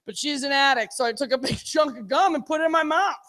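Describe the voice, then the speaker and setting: A woman doing stand-up comedy on a bar stage, telling a story and acting out each quote with big shouted voices. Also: high-pitched, fast.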